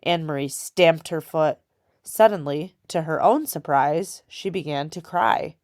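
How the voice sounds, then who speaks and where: A woman reading a children's novel aloud in a steady storytelling way. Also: deep voice, a little slow, dry recording, clean studio sound. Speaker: audiobook reader.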